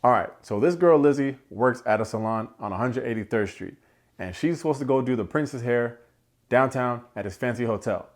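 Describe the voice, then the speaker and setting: A man hosting a casual film review, animated, slangy and joking as he rants. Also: medium pitch, moderate pace. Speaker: movie reviewer, channel host.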